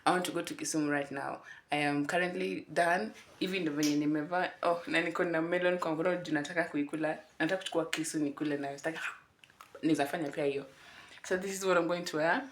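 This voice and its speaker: A woman's voice: low-pitched, fast talker, slight background noise. A young woman, chatting casually in a vlog and switching between English and Swahili. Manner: mixes English with Swahili, bubbly and giggly when excited. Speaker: vlogger.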